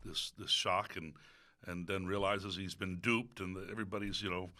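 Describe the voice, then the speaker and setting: In casual chat, a low-voiced male opera singer tells a story about a role he played on stage. He's lively and quick to laugh.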